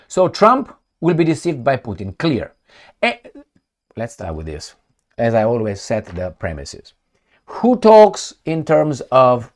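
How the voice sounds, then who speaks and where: A man delivers a sarcastic political rant in a voice set a little higher than most men's. His pitch swings widely as he mocks and argues. He breaks into short bursts, restarts and fires off rhetorical questions. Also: darkish tone. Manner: sarcastic, mocking, argumentative. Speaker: political commentary vlogger. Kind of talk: opinionated commentary rant.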